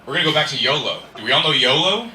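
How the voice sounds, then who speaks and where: This comic talks very fast in a slightly high, expressive voice, rambling through a self-deprecating club set and chatting with the audience between jokes. The recording is distant and echoey, with a little noise underneath.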